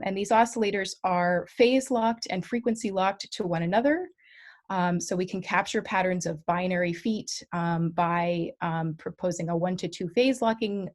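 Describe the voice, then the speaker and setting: A woman's voice: lowish voice, darkish tone. A woman giving an academic linguistics talk online, explaining slides carefully with frequent ums and self-corrections. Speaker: guest lecturer.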